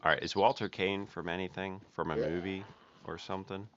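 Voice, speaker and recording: A man's voice: low-pitched, steady tone, brisk, fairly bright tone. A man streaming a survival game, chatting casually with his viewers as he plays. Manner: chatty, talks to viewers while playing. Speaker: gaming streamer. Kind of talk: casual live commentary while playing. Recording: dull lo-fi mic with faint noise.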